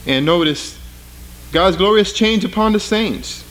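A man preaching a sermon, reading scripture with rising force and then explaining it in plain, halting talk. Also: a bit bright, rough recording. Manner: rises in pitch and volume reading scripture aloud; plain spoken, with fillers and restarts between readings.

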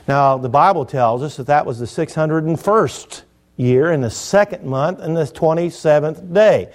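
Folksy preacher with a lively delivery. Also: male voice, on the high side, normal speed. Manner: folksy, jokey, swings between loud emphasis and quiet asides. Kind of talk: sermon.

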